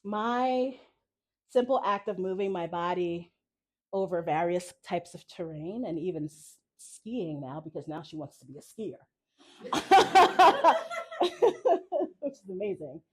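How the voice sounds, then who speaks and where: A woman telling a personal story live to an audience at a cafe event, expressive and often laughing as she speaks. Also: fairly low pitch, slow pace.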